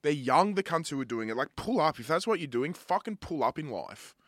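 A man's voice: a little high, sing-song, brisk, no echo, studio quality. An Australian man co-hosting a podcast, bantering in a laid-back, sweary way. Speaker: podcast co-host. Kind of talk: casual chat.

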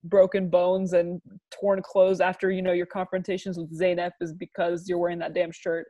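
Worked-up woman with a lower voice. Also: normal speed. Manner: animated, worked-up ranting. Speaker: podcast co-host. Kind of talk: casual chat.

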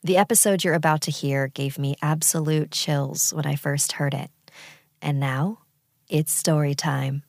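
A woman host reads a scripted episode introduction in a measured announcing manner. Her voice is very low with a gravelly fry. The sound is dry and close, with no room around it. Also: steady tone, a little mellow, no room sound. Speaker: podcast host.

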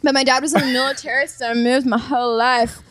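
A woman's voice: high-pitched, steady tone, fast talker, crowd noise. A young woman, a podcast guest, chatting casually and laughing often. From Florida, born there.

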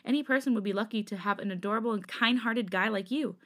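A woman voicing a gentle young man who comforts a friend in a podcast fanfic reading. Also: medium pitch, quick pace, close to an everyday voice. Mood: reassuring. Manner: gentle, reassuring.

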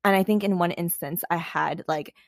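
Animated young woman chatting on a podcast. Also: fairly low pitch, normal speed, vocal fry, dry recording, studio quality. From United States. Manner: animated, swears freely, frequent "like". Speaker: podcast co-host. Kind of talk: casual podcast chat.

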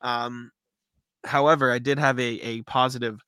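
A young man, co-hosting a podcast and telling stories in an animated, cursing, laughing way. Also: medium pitch, moderate pace, smooth, no echo. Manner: animated, laughing storyteller, swears freely. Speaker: podcast co-host. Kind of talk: casual chat.

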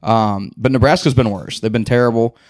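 A man's voice: medium pitch, steady tone, brisk, no echo, clean studio sound. A young man, co-hosting a casual football podcast and rambling with plenty of fillers and jokes. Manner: rambling, filler-heavy, joking. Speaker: podcast co-host. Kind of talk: casual sports chat.

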